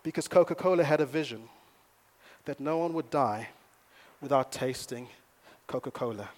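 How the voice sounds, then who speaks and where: A man preaching a sermon as a pastor. He moves between quiet storytelling and loud, emphatic preaching. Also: mid-range voice, moderate pace, pauses often.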